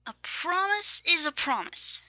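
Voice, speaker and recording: A narrator voicing a small, anxious young male tank engine in a squeaky, strained, whimpering voice for a storybook dub. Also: big pitch swings, unhurried, bright, forceful tone, full character voice. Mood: distressed.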